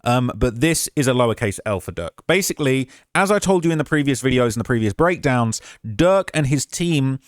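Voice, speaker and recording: A man's voice: mid-range voice, animated, brisk, hardly any pauses, no echo, studio quality. Emphatic man commenting on a court case. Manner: emphatic and conversational, with frequent "all right?" asides.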